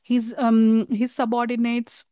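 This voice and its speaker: A woman from India with an Indian English accent, giving a university lecture on English communication skills, pausing often with fillers and restarts. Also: fairly high pitch, monotone, warm tone, clear, resonant tone, no echo. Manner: hesitant, many fillers and restarts.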